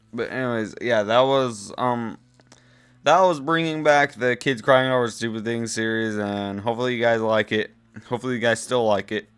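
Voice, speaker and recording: A man's voice: lowish voice, fairly bright tone, clear, resonant tone. A man reading out posts and reacting in disbelief, laughing and rambling with fillers in casual commentary.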